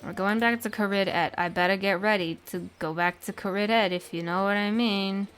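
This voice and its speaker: A young woman chatting over a video game in a self-mocking, swear-heavy way, her throat audibly sore. Her voice sits at a middling pitch, with faint music running underneath. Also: steady tone, a little fast, a bit bright, clean tone. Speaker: gaming host. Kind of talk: casual gameplay commentary.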